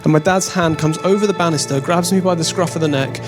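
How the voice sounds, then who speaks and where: Over music, a young English stand-up comic talks quickly in a voice on the high side. He's telling a self-deprecating, wry story to a live audience from the stage.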